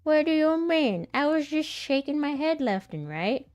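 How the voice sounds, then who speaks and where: A woman's voice: high voice, big pitch swings, unhurried, darkish tone, dry recording, soft background music. Giggly young woman chatting on stream. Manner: giggly, self-mocking, chatty. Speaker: streamer practicing voice acting. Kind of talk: casual live-stream chat.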